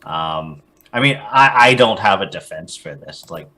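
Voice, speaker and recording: A man's voice: low-pitched, lively intonation, unhurried, bright, forceful tone. A man talking candidly as a new father on a casual podcast, self-deprecating and chuckling.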